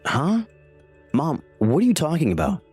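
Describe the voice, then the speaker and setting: A man's voice: a little high, huge pitch swings, normal speed, a little mellow, husky, exaggerated voice. A man reading the lines of a lying, jobless husband who defends himself to his mother, in a scripted text-message story. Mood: defensive. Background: faint background music.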